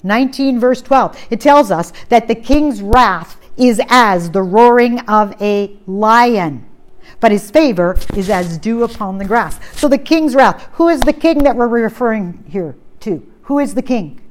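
A woman preaching a sermon, repeating key phrases, asking rhetorical questions and slowing down to read scripture aloud. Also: fairly high pitch, lively intonation.

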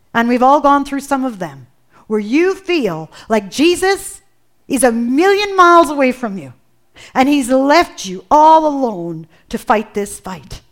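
Female preacher, fairly high voice, earnest, emphatic repeats, sermon delivery. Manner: earnest, builds in intensity with emphatic repetition.

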